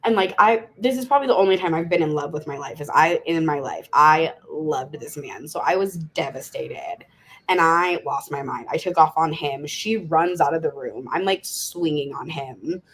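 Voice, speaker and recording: A woman's voice: deep voice, moderate pace, a bit bright. A woman in her thirties from Las Vegas, a podcast guest frankly telling her story and laughing often. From Las Vegas, USA. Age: 30s. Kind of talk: candid storytelling interview.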